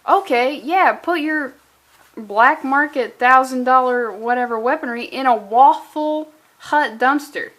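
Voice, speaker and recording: A woman's voice: sits high, measured pace, fairly bright tone. A young adult woman reviewing a comic in a sarcastic, profane, exasperated rant. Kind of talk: sarcastic ranting commentary.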